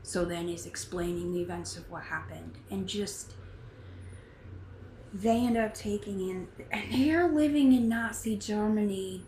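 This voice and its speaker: A woman chatting casually on her knitting podcast, earnest and rambling as she talks through her thoughts. Her voice sits at an ordinary middle pitch. The room rings with noticeable echo, and a faint hiss of background noise sits underneath. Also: warm tone. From United States. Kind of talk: casual chat.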